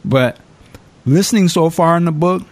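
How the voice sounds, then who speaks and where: A man hosting a podcast in casual chat, telling stories in an animated way and swearing freely. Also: a little high, moderate pace. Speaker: podcast host.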